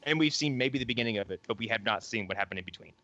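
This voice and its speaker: A man in casual podcast chat with a bright, forceful tone. His voice sits dry and close to the mic. He jumps into animated quotes of characters as he riffs. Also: on the low side, very fast, no room sound, dull audio. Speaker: podcast co-host.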